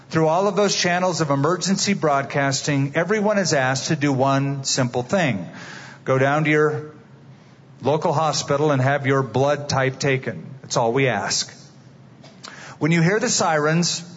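A man preaching a sermon as a dramatic story, asking his listeners direct questions. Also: on the high side. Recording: dull, reverberant hall.

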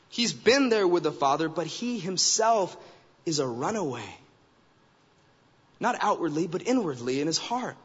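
A man's voice: a little high, a bit bright, husky. A man delivering a sermon as a guest preacher, emphatic and repeating phrases for stress. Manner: emphatic, acts out quoted remarks in character voices. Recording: dull recording with long hall reverb.

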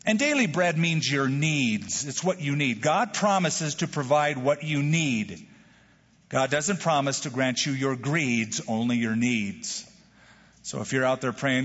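A man preaching a sermon as a pastor, animated, acting out quoted prayers with jokes. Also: mid-range voice, unhurried. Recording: dull lo-fi sound with hall reverb.

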